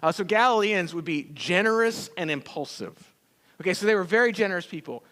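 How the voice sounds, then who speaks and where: A man preaching a sermon as pastor, telling stories in a folksy, animated way with acted-out quotes. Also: sits high, fairly quick. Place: church sanctuary.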